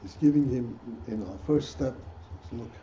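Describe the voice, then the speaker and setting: At normal speed and in a dark, mid-range voice, a rabbi teaches his Hasidic text class. He repeatedly pauses and begins again, tossing rhetorical questions at his students, recorded in a dull, echoey space with faint noise.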